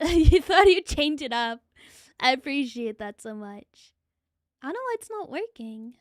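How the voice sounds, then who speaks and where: A woman's voice: sits high, very animated, a little slow, dry recording, studio quality. A young woman streaming a game, chatting casually, swearing freely and laughing often. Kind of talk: casual gaming stream chat.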